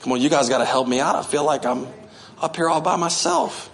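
A man preaching a sermon as pastor, animated, often acting out voices and swinging from loud to hushed. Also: a little high, brisk, gravelly. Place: church.

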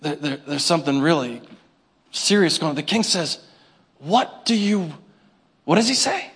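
A man preaching a sermon to his congregation, animated, with call-and-response and little acted-out scenes. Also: a little high, fairly quick, husky. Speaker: pastor.

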